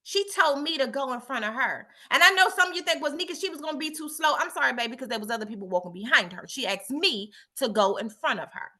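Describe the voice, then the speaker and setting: A woman's voice: high voice, expressive, fast, few pauses, pushed and bright. A middle-aged woman telling a story and giving a motivational talk, with emphatic repetition and a preachy tone. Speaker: motivational speaker.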